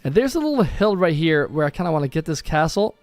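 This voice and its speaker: A man's voice: a little high, sing-song, fast talker, no echo. A man casually commenting on his own gameplay on a live stream, thinking aloud and often correcting himself. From Norway. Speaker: gaming streamer. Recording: faint background music.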